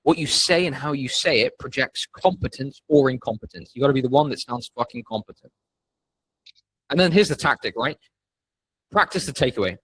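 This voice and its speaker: A man's voice: mid-range voice, expressive, fairly quick, fairly bright tone, breathy edge, no room sound, low-quality recording. A young man coaching on sales in a casual, blunt, profane way, with a lot of emphasis. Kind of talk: casual instructional talk.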